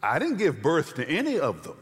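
A preacher doing a whiny, exasperated prophet. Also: male voice, fairly high pitch, wildly swooping pitch, fairly quick, breathy edge, voice pushed up, exaggerated voice. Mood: indignant. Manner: whiny, pleading complaint. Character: exasperated male prophet complaining to God. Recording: long hall reverb.

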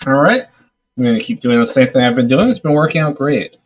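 A man's voice: medium pitch, animated, quick pace. An easygoing man playing a tabletop game, laughing often as he goes. His voice sits in the middle of the range. The audio is dull and lo-fi. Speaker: player.

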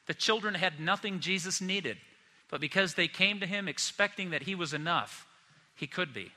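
A man's voice: high-pitched, bright, forceful tone, long reverb tail. A man preaching a sermon to his congregation in a conversational way, often acting out the voices of people he quotes. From United States. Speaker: pastor.

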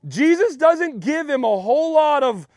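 Male pastor, very high voice, dry close sound, chatty sermon. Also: normal speed, no echo. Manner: animated and conversational, with frequent restarts.

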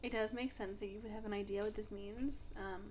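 A woman's voice: mid-range voice, steady tone, a little fast, darkish tone, slight background noise. A young woman hosting a podcast in giggly, chatty casual conversation. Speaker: podcast host. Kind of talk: casual chat.

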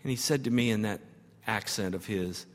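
A man's voice: on the low side, moderate pace. A man preaching a sermon as pastor, telling a story and building to emphatic, repeated phrases. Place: church sanctuary. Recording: long church reverb.

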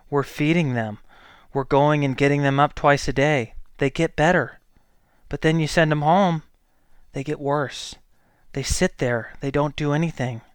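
A man's voice: medium pitch, clear, resonant tone, dry recording. A healthcare provider, a man, speaking in a blunt, exasperated and emphatic monologue. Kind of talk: opinion monologue.

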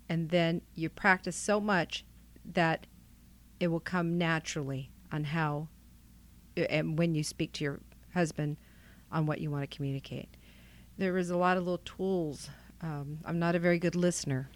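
Middle-aged woman, low voice, candid, lots of ums, thinking out loud. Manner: candid and reflective, with frequent ums and trailing phrases. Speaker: guest, wife. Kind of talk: reflective podcast interview.

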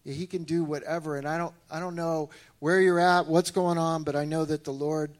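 High-voiced man preaching a lively sermon. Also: a little fast. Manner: casual, animated preaching with frequent restarts. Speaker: pastor.

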